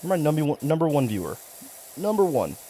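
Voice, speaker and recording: A man's voice: fairly high pitch, very animated, fast talker, dark tone, a little hiss or hum. A young man talks casually into his mic while he plays a game. His voice jumps around a lot. He rambles and swears, and he answers his chat with playful, exaggerated indignation. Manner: profane, rambling, mock-outraged banter with chat. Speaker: streamer. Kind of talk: casual live-stream commentary while gaming.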